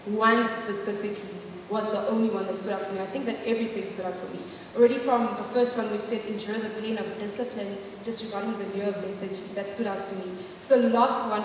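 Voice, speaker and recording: A young woman giving a testimony in church, chatty and animated, often saying "like" and acting out quotes. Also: medium pitch. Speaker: church speaker sharing a testimony. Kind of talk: sermon-style testimony. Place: church hall. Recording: echoey hall from far off, faint noise.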